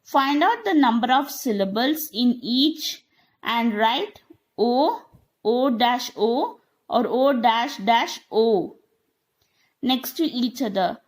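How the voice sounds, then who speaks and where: Woman teacher, unhurried, checks in with the class often, non-native English phrasing. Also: on the high side, expressive. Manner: slow, repetitive, checks understanding with "okay?". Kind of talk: online classroom lesson.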